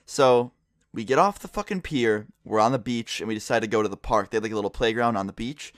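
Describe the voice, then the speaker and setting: A man's voice: medium pitch, fast talker, no room sound, clean studio sound. A young man vlogging and streaming, telling a story in a casual way and swearing constantly. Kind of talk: storytime vlog.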